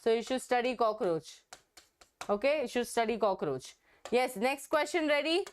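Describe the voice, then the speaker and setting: A woman leads a live online biology class. Her high voice sits well above most women's. She coaxes her students and hammers key words again and again, in a smooth, clean tone. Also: moderate pace. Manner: coaxing, repeats key words to stress them. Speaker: online exam-prep teacher.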